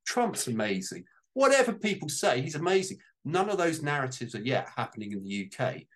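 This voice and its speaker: A man talks at length to a small group, his words tumbling out in long, winding sentences. He sounds deeply moved and close to tears at times, with the open, emotional tone of a personal testimony. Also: big pitch swings, brisk, fairly bright tone. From United Kingdom. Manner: heartfelt, close to tears, rambling. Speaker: guest on a panel.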